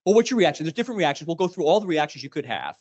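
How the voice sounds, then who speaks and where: A man's voice: on the high side, very animated, rapid-fire, darkish tone, dull audio. A man leading a live leadership workshop, animatedly quizzing the group. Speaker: leadership trainer.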